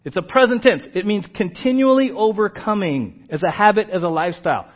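A pastor with a fairly high voice preaches a sermon, shifting from a casual story into emphatic teaching. He's animated and speaks a little fast, and the sound is dull and lo-fi.

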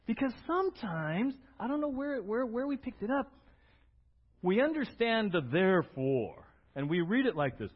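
A male pastor preaching a sermon in a church, acting out little scenes and swinging from loud to quiet. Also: moderate pace, husky. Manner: animated, acts out little scenes with big swings in pitch and loudness. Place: church sanctuary. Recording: dull lo-fi church audio.

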